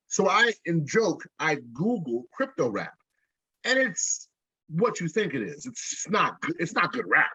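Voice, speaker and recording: A man's voice: a little high, sing-song, measured pace, bright, forceful tone, slightly rough, no room sound. A rapper being interviewed, telling a long story in a loose, jokey, profane way, stumbling and restarting as he goes. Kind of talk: casual storytelling. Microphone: video call. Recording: dull lo-fi video call audio.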